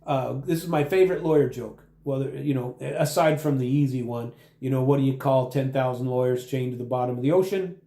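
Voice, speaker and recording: A man's voice: mid-range voice, brisk, few pauses, warm tone, echoey room. A man hosting a podcast, talking in a combative, sarcastic monologue. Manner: combative, sarcastic, addresses opponents directly. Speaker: podcast host. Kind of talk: talk show monologue.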